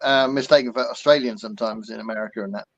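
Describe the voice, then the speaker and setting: An Englishman hosts a casual podcast chat, reading out viewer comments with lots of ums and frequent laughter. He speaks fast in a medium-pitched, steady voice.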